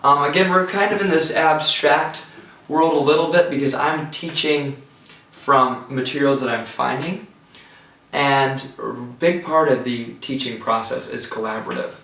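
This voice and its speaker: A man teaching a songwriting lecture, talking thoughtfully with pauses and restarts, recorded from a distance from the mic. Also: medium pitch, fairly even intonation, vocal fry, pushed and bright. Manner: thoughtful, with pauses and restarts, breaks into sung examples. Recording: roomy sound from a distance from the mic.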